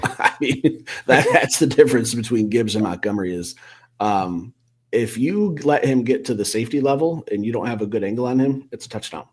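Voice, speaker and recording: A man's voice: on the low side, breathy edge. A man co-hosting a casual sports podcast, rambling through football predictions with a few self-corrections. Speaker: co-host.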